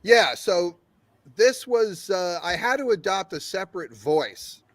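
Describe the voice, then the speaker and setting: A man's voice: high-pitched, measured pace, dry recording. An older man, a game developer guest, telling a long story in an interview with frequent laughs and acted-out quotes. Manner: animated storyteller, laughs often, acts out quotes.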